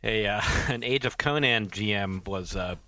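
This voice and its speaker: A man hosting a podcast in casual chat, halting, with many uh's and restarts. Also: fairly low pitch, bright, forceful tone, slight background noise. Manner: hesitant, lots of uh and restarts. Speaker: podcast host.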